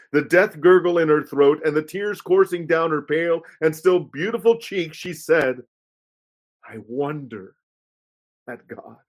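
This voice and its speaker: A man reading aloud a pastor's first-person story in a measured, solemn way. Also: fairly high pitch. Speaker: reader of a pastor's memoir.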